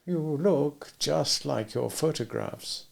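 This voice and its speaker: A man voicing a shy, teasing young Russian woman who speaks softly and slowly in an audiobook. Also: a little high, creaky, voice pushed up, full character voice. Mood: coy.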